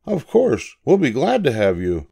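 A man's voice: medium pitch, wildly swooping pitch, a little slow, vocal fry, dark tone, husky, voice pushed up, heavily acted. An older man voicing a kindly but firm father in a storybook read-aloud. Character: kindly adult father, animal catcher.

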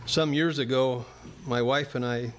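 A man's voice: medium pitch, steady tone, measured pace, a little hiss or hum. A male pastor preaching a sermon in a church, earnest and plain-spoken, turning now and then to address the congregation directly.

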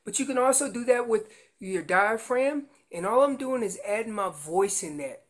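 A man giving a hands-on lesson as a guest instructor, explaining elk calls step by step with emphatic, animated delivery. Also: high-pitched, normal speed, a little hiss or hum. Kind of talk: instructional demonstration.

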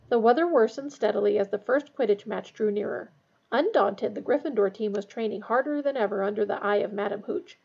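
Lady reading a story aloud, kinda raspy n husky, muffled lo-fi sound. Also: mid-range voice, fairly quick, darkish tone. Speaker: reader. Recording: dull lo-fi recording.

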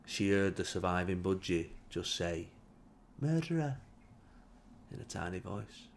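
A man's voice: low-pitched, little pitch movement, normal speed, creaky, slight background noise. A man telling a comic story in a dry, mock-solemn way. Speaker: comedian. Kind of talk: deadpan comic monologue.

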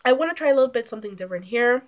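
A sick woman with a nasal, stuffed-up voice, pitched a bit high, talking casually to her vlog audience. She rambles and corrects herself as she goes. She runs short of breath when she talks for long. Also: lively intonation, racing. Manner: chatty, rambling, self-correcting. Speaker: YouTube vlogger. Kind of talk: casual vlog intro to camera.

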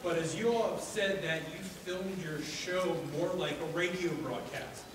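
Male fan asking a wordy question, slightly high voice, noisy hall. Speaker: audience member asking a question. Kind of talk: audience question. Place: large convention hall. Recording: echoey hall recording from far off, noisy.

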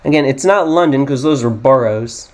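A young man from the United States, a gaming YouTuber, talks at normal speed in a medium-pitched voice. He rambles casually while playing a geography guessing game, mocking himself as he reasons out loud.

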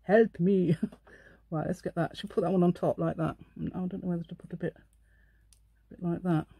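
A woman's voice: on the low side, flat delivery, brisk, vocal fry, warm tone, slightly rough, no echo. A woman hosting a casual crafting tutorial at her craft table at home, thinking aloud and asking the viewer questions as she works. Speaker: craft channel host.

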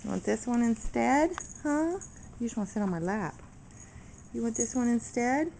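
A woman talking to her puppies in soft, affectionate baby talk while filming them. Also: a little high, animated, moderate pace, gravelly, slight background noise. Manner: soft, affectionate, sing-song. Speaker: dog breeder showing puppies.

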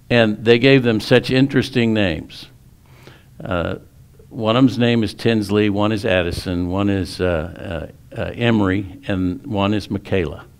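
A man's voice: on the low side, smooth. A male pastor preaching a sermon in a folksy storytelling way, often restarting his sentences.

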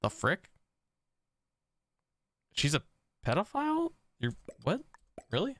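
A young man streaming an online strategy game, reacting excitedly to chat and laughing at other players. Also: a little high, slow pace, no room sound, studio quality. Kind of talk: live game stream commentary.

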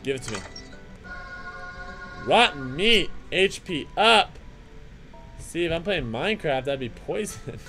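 A young man hosting a let's play, commenting on his game with excitable trash talk, jokey asides and sing-song chanting. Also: a little high, unhurried, long pauses, faint music behind. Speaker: gaming channel host.

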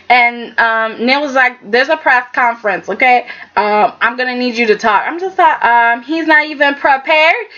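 A woman's voice: on the high side, lo-fi sound. Sassy woman recapping with acted-out quotes. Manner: animated, sassy, acts out characters' lines. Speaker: soap opera recap vlogger. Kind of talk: casual recap chat.

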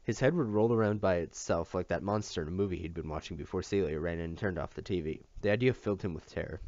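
Deep-voiced man reading a novel aloud. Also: fast talker, dry recording. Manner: expressive, occasional slips and rereads. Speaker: audiobook reader. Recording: dull lo-fi dry recording.

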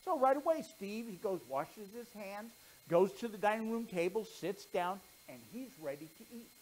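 A man pastor telling a children's story with lively storytelling before earnest preaching. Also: high-pitched, moderate pace, low-quality recording.

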